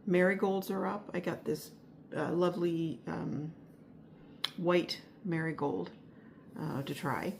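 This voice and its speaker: A woman's voice: fairly low pitch, steady tone, slow, gravelly, darkish tone, a little hiss or hum. Rambling woman with lots of ums. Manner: rambling, hesitant, many fillers and restarts. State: a little out of breath. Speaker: vlogger. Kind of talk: casual weekly garden update. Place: home, upstairs spare room.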